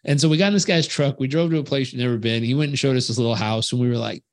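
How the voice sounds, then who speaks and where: A man tells a long personal story in a relaxed interview, his pitch sitting in an ordinary middle range. He is animated and lively, slipping into the voices of the people he meets. He sounds easygoing and conversational throughout. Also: quick pace, hardly any pauses. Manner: animated storyteller who acts out quoted voices. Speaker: guest, life coach. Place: home on a rural island beach.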